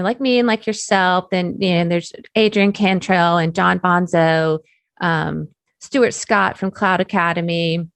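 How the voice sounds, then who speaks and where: A woman with a Southern US accent, a guest chatting in an interview, talking faster with lots of "you know" fillers as she gets excited. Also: lowish voice, gravelly, no room sound. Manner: chatty, speeds up when excited, many fillers. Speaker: guest, technical curriculum developer. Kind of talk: casual interview talk.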